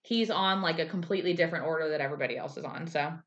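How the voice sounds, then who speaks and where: Rapid-fire and low-voiced, a woman co-hosts a casual podcast and excitedly recaps a TV episode, acting out quotes in a raised voice. The recording sounds slightly dull and lo-fi.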